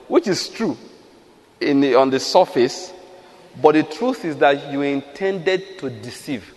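A man's voice: mid-range voice, expressive, moderate pace, long reverb tail. A man preaching a sermon, emphatic, asking the listeners rhetorical questions and acting out quotes.

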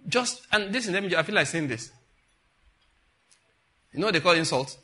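A middle-aged man, preaching a sermon as a pastor in an animated, conversational way. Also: high-pitched, moderate pace. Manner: animated and conversational, acting out dialogues.

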